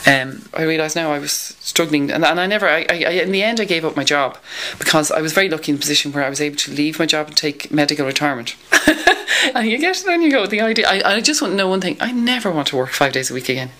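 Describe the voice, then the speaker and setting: A woman telling a personal story in a candid, halting way, with frequent restarts. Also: sits low, expressive, bright, forceful tone, rough recording. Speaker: interviewee.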